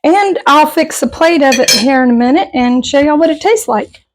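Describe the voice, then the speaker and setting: A woman's voice: sits high, lively intonation, normal speed, noisy background. A woman chatting casually in her home kitchen, folksy and self-deprecating as she cooks and tastes. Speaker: home cooking vlogger. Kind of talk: casual cooking vlog chat.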